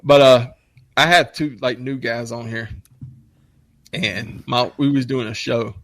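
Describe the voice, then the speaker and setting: A man telling profane, rambling stories in a casual podcast chat, his voice shooting up high when he gets worked up. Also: fairly even intonation, measured pace, a bit bright, no room sound.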